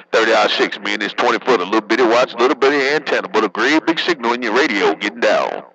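A man's voice: fairly low pitch, fairly quick, creaky, pushed and bright, husky, rough recording. A working man chatting casually over a CB radio, joking in loose slang and laughing often. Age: adult, working. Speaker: CB radio operator.

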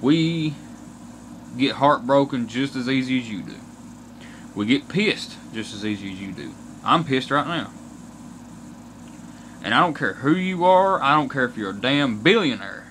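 A man's voice: mid-range voice, expressive, fairly bright tone, slight background noise. A young man from Kentucky with an Appalachian accent, ranting bluntly to camera and swearing often. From Kentucky, USA. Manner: aggrieved, blunt, swears often, slow and deliberate. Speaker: vlogger.

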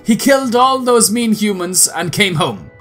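A man voicing a proud male demon general and father with a gruff, put-on voice over a video game. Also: high-pitched, animated, normal speed, a bit bright, soft background music, voice pushed up. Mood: solemn.

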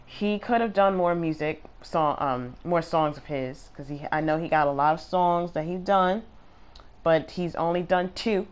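A woman's voice: on the low side, unhurried. A woman giving casual, rambling commentary over her gameplay video, with plenty of fillers. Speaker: gaming video creator.

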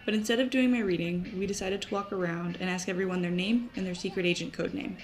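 A woman's voice: fairly low pitch, steady tone, quick pace, faint music behind. A young woman, a college student, chatting in a rambling, self-mocking way as she records a casual video letter to a friend from her dorm room. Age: young adult.

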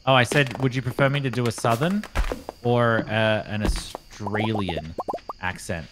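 A man's voice: mid-range voice, a little slow, music in the background. A man chatting and joking casually while playing a game with his girlfriend on a stream. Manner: joking, teasing. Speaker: streamer's boyfriend, co-player. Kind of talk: casual gaming chat. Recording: noisy stream audio with clicks.

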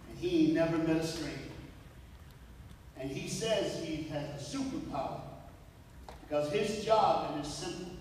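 A man's voice: a little high, a little mellow, slight background noise. A man giving a motivational talk to students in a large school gym, telling stories with animation and talking straight to the kids. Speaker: motivational speaker. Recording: echoey gym heard from far off.

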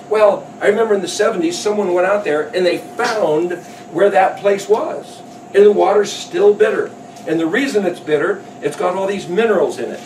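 A man giving a sermon, telling a story lively and acting out the voices of the people in it. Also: high-pitched, fairly quick, slight background noise. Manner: animated storytelling, voices the characters with rising emphasis. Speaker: preacher. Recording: echoey hall, speaker far from mic.

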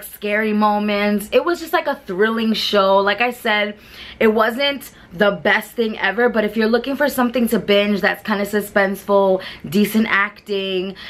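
A chatty woman talks through her favorite shows in a loose, rambling way. She restarts sentences and leans on fillers as she goes. Her voice sits at an ordinary middle pitch for a woman. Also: fairly bright tone. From New York. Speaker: beauty vlogger. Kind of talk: casual chat reviewing shows.

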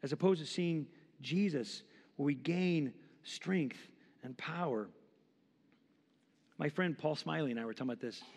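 A man's voice: fairly high pitch, a little slow, pauses often, darkish tone. Impassioned pastor in his forties, echoing hall. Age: 40s. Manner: impassioned, conversational preaching with acted-out quotes. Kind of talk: sermon. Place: church sanctuary.

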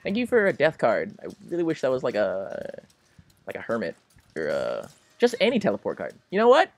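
Young male gamer, animated swooping delivery, dry close mic, over-the-top reactions. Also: mid-range voice, a little fast, no room sound. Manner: excitable, melodramatic, swings between pleading and laughing. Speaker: gaming commentator. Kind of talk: casual let's-play commentary.

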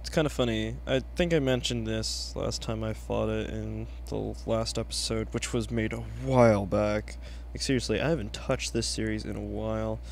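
A man's voice: lowish voice, fairly even intonation, moderate pace, gravelly, hardly any pauses, a little mellow, a little hiss or hum. A young man casually commenting while playing a video game, laid-back and chatty, swearing now and then. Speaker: let's play host.

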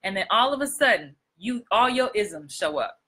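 A woman coaching actors in a chatty, animated live stream, talking straight to her viewers. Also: mid-range voice, normal speed, breathy edge. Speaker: acting coach. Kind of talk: live-streamed acting tips.

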